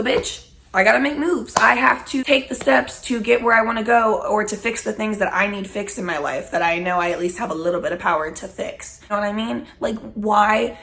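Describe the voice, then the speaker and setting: A woman's voice: medium pitch, gravelly, a bit bright. Woman, mid-twenties, casual vlogger, chatty, blunt, salty language. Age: 20s. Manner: candid, swears freely, chatty and rambling. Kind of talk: casual chat while smoking.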